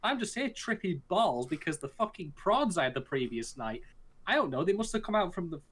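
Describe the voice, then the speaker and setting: Animated, sweary man with lively pitch. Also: a little fast, breathy edge. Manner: animated, profane, joking. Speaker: podcast co-host. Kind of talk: casual anime discussion.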